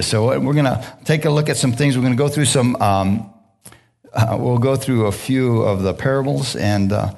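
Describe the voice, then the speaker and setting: A man preaching a Sunday sermon in a church, at an ordinary pitch for a man. He keeps the congregation engaged with constant "amen?" and "hallelujah" calls. His delivery is loose and chatty, with easy laughs between points. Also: vocal fry. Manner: call-and-response, frequent "hallelujah" and "amen?"; relaxed, laughing, conversational preaching. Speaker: pastor. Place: church sanctuary.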